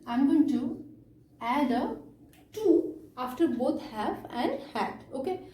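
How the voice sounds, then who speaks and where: Lady teacher explaining grammar step by step, high mellow voice, says okay a lot, roomy echo. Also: expressive, slight background noise. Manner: explains slowly with many okays and fillers. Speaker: English teacher. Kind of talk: grammar lesson.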